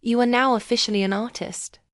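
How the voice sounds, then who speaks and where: A woman's voice: fairly high pitch, fairly even intonation, a little fast, dry recording, studio quality, natural voice. A woman voicing an enthusiastic, free-spirited woman painter in her fifties who speaks directly and encouragingly.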